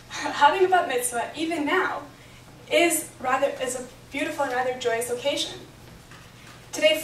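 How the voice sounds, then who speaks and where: Speaking at a bat mitzvah, this young woman's high-pitched voice carries an earnest, emotional prepared speech that she reads from notes. The recording picks her up from far away in a reverberant hotel function room, and there's a little hiss or hum.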